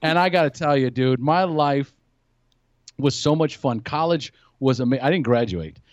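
A man's voice: mid-range voice, normal speed, no room sound. A man, a podcast guest, telling stories in casual chat and acting out his friends' voices. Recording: dry, dull lo-fi podcast audio.

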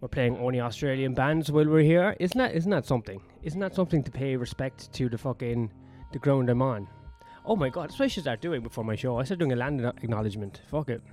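A man's voice: mid-range voice, lively intonation, quick pace, hardly any pauses, darkish tone, soft background music. A man ranting in a sweary, sardonic, rambling monologue as a comedian vlogging on his own.

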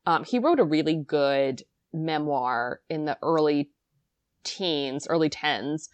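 A woman co-hosting a podcast in casual chat, animated and giggly. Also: sits low, takes it slowly, no room sound. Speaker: podcast co-host.

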